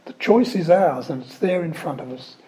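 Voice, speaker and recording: Man, preacher, sermon, mellow tone, fairly high voice, lively storytelling asides. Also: normal speed, poor audio.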